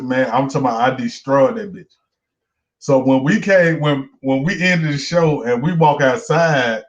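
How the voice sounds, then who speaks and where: A man telling a profane, lively story in a casual interview, often repeating words as he restarts. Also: on the high side. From Monroe, Georgia, US. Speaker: comedian guest. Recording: dull lo-fi recording.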